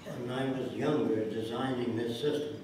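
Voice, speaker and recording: A man's voice: mid-range voice, fairly even intonation, moderate pace, darkish tone, slight background noise. A man telling plainspoken, punchy anecdotes in answer to a question, acting out the people he quotes. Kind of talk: anecdotal storytelling. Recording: echoey room, far from mic.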